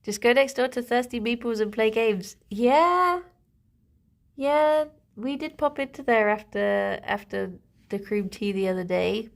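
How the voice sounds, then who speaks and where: A young woman chats casually with her livestream viewers, giggling a lot and pausing to talk to her pet rabbits at home. Her fairly high voice is animated with vocal fry, at a measured pace.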